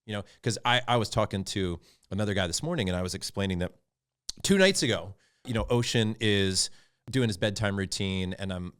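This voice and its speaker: Middle-aged man, low voice, candid interview guest who tells stories earnestly and reflectively. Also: fairly quick, clean tone. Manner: earnest and reflective, animated when recounting stories. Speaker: podcast guest, founder of a fathers' group. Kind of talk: candid conversational storytelling.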